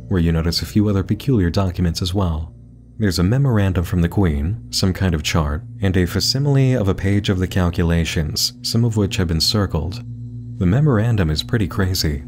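A man hosting a narrated video essay, explaining things in a steady way. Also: low voice. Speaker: host.

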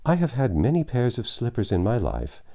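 A man's voice: mid-range voice, huge pitch swings, moderate pace, creaky, dark tone, pitched above the performer's own voice. A man doing a spirited tomboyish girl.

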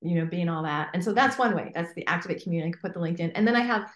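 Speaking very fast with a voice on the low side, this woman coach, interviewed as a guest, is animated and emphatic. She keeps performing imagined inner voices, and there's reverb in the audio.

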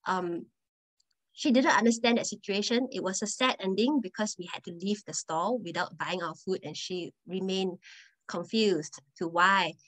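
A woman's voice: mid-range voice, a bit bright, poor audio. A woman guest speaker telling personal stories in a presentation talk, conversational and earnest, often restarting her phrases.

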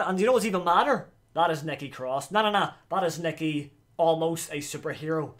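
A man giving excitable, slangy commentary while reacting to a wrestling video. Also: a little high, a little fast, few pauses.

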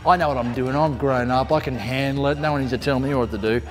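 A man's voice: medium pitch, fairly even intonation, fast talker, noisy background, close to an everyday voice. A man voicing a headstrong young boy who blurts out his refusals in a told story. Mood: defiant. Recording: long hall reverb, faint music.

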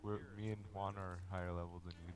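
A man's voice: low voice, flat delivery, fast talker. A young man chatting and teasing friends while gaming, laughing often. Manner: teasing, laughing, mild exclamations. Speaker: gamer. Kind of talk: casual gaming chat with friends.

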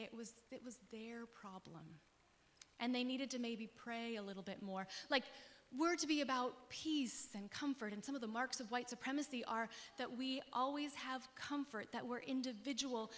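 Woman pastor preaching, earnest and chatty, voice sitting a bit high, big echoey church. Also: a bit bright. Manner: earnest, conversational preaching with emphatic pauses. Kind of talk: sermon. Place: church sanctuary. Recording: long church reverb.

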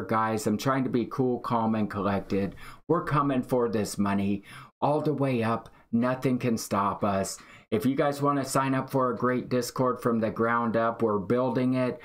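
A man hosting a live day-trading stream, excitedly reading out chat and calling trades. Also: medium pitch. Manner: excited, hyped, reads chat aloud. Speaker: day-trading livestream host.

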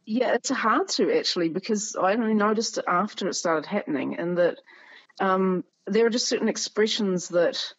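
A husky-voiced woman with a New Zealand accent, talking casually as a podcast guest. She tells stories with animation, laughs often and acts out the people she quotes. The sound is dull and very dry, like a remote call. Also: mid-range voice, moderate pace, no echo. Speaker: guest musician and writer. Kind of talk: casual conversation. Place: home in Germany near the Polish border.

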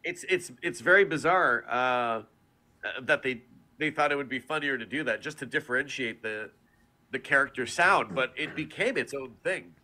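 Bright-voiced animated voice actor. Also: male voice, mid-range voice, moderate pace. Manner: animated, laughs often, slips into character voices. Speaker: voice actor guest. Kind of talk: casual interview.

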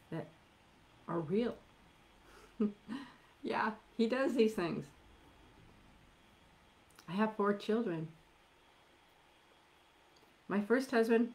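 A middle-aged woman preaching a sermon, emphatic, drawing out key words and dropping to soft near-whispers at times. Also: mid-range voice. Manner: emphatic, with slow drawn-out stresses and soft near-whispered asides.

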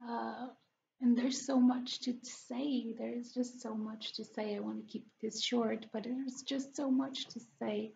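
A woman speaking in a personal video diary, earnest and halting, pausing often between phrases. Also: fairly high pitch, fairly even intonation, gravelly, darkish tone, muffled recording, slight background noise. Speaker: vlogger.

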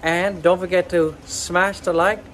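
Male channel host, slightly high voice, hyped pep-talk delivery, repetitive and rallying, with shouted chants. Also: little pitch movement, unhurried, slight background noise, rough recording. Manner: bursts of loud high shouts.

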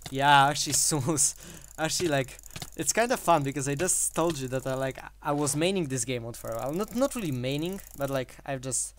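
A man talks through his own gameplay in a loose, rambling way, piling up fillers and breaking into short laughs between phrases. His voice sits at an ordinary middle pitch, with a faint hiss of noise under the recording. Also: brisk, a bit bright. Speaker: gaming channel host. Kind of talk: casual gameplay commentary.

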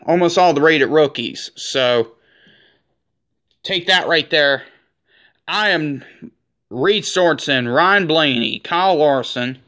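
Bright-voiced man reading off cards. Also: a little high. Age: 40s. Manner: rattles off names in a running list; excitable, says he is shaking. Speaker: card collector opening packs. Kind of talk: casual unboxing commentary.

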